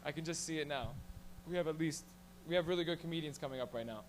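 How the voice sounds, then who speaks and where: A man's voice: on the high side, slight background noise. A man hosting an open mic comedy night in a small lounge, telling rambling, profane stories on a handheld mic. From Canada. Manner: profane, rambling, rapid storytelling. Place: small lounge venue stage.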